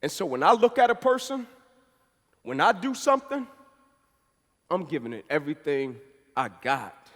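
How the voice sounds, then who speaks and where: High-voiced man giving a motivational speech. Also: very animated, normal speed, long pauses. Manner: passionate storytelling, building to forceful emphatic peaks. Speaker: motivational speaker. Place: event hall. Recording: speech in a reverberant hall.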